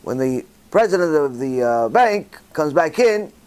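A man, a religious teacher telling a story in an animated way and acting out the dialogue, with frequent "uh" fillers. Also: fairly high pitch, a little slow, clear, resonant tone. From Israel. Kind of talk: storytelling Torah talk.

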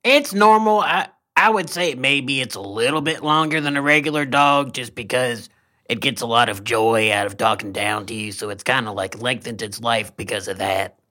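A man co-hosting a comedy podcast in a deadpan, laid-back way. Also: mid-range voice, moderate pace. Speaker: podcast co-host. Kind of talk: casual comedic chat.

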